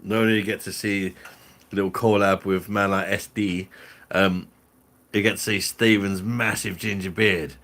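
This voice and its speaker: Deep-voiced jokey man. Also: fairly even intonation, normal speed, a bit bright. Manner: jokey banter, laughs often. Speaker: live stream host. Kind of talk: casual live stream chat.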